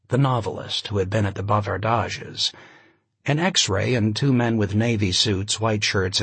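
A man reading a novel aloud, a measured and expressive narration with a wry touch. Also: on the low side, slightly rough, no room sound. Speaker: audiobook narrator. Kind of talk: scripted narration.

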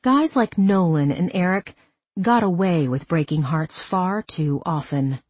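A woman narrating a first-person story in a measured, even delivery. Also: fairly low pitch, husky, no room sound. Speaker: audiobook narrator.

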